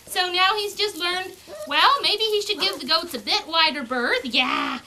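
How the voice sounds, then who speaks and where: A woman with a high, bright, ringing voice explains how she raises her pups, chatting easily and breaking into sing-song baby talk to them. She is recorded outdoors on a farm, and there is a faint hiss of noise behind her. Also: normal speed. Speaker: dog breeder. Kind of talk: casual explaining while handling puppies.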